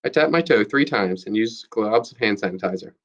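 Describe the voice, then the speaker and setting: Male teacher, steady read-aloud to students, low voice, lo-fi sound. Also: fairly quick. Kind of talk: reading a novel aloud to students.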